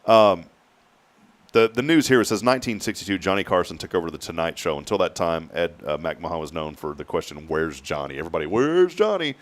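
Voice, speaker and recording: A middle-aged man with a lowish voice hosts a casual morning show. He chats easily and acts out the lines when he retells old TV skits. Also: fairly quick. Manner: animated storyteller, acts out quotes. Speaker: radio show host.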